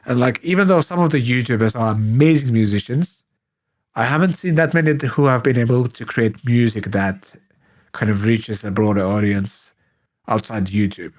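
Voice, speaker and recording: A man co-hosting a podcast in casual chat, hoarse and sick with flu, hesitant and full of fillers. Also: mid-range voice, normal speed. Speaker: podcast co-host.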